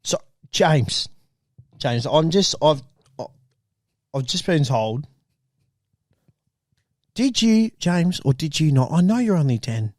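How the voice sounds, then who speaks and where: A man's voice: a little high, darkish tone, no echo, studio quality. A man co-hosting a podcast, rambling and stammering through an improvised mock news skit with put-on emotion. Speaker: podcast co-host.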